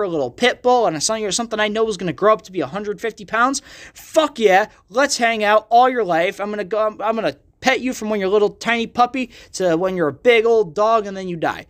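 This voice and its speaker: A young magician hosts his own podcast from an art gallery, ranting casually with lots of swearing and a loose, self-deprecating attitude. He talks fast in a high, slightly bright voice.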